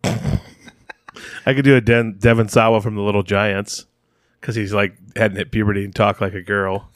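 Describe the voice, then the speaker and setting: A man co-hosting a casual podcast chat, easygoing and quick to laugh. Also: on the low side, level tone, dry recording, clean studio sound. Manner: easygoing, laughs often, agrees readily. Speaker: podcast co-host.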